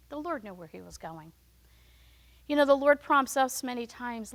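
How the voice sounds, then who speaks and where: A woman gives a devotional talk in a relaxed, conversational way. She retells the story and slips into the voices of its characters. Her voice sits a little high. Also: brisk. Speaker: devotional podcast host. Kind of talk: devotional teaching.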